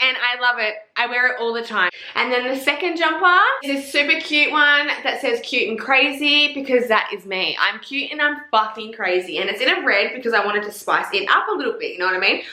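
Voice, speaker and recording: A woman's voice: high voice, pushed and bright. A young Australian woman with an Australian accent, chatting casually to camera as a book vlogger, blunt and playful, swearing freely. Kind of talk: casual chat. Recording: echoey room.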